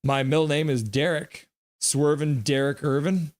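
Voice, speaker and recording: A young man on a live stream, calling hockey play and reading chat aloud with excitable, goofy delivery. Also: fairly high pitch, normal speed.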